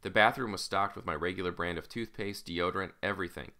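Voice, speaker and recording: A man's voice: sits low, fairly even intonation, fast talker, sharp tone, clean tone. A man narrating an audiobook in the first person, in a casual, wry storytelling manner.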